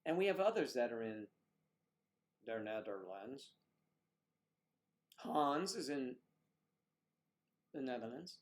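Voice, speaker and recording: A middle-aged American man co-hosting a casual livestream reads comments and teases viewers by name with bawdy jokes, his mid-range voice swinging widely in pitch, slow and full of pauses.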